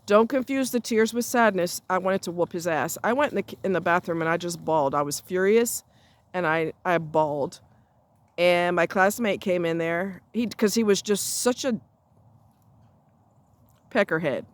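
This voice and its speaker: This vlogger tells a story in casual chat while walking her dog outdoors near a road. Her voice sits on the low side at a moderate pace, and her delivery is blunt and salty, full of asides.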